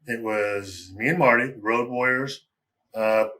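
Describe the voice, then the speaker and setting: He's a male interview guest who talks in a loose, candid, rambling way. His voice sits at an ordinary middle pitch, and he keeps chuckling and working "you know" into his stories. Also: slow pace, bright, forceful tone. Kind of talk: casual storytelling interview.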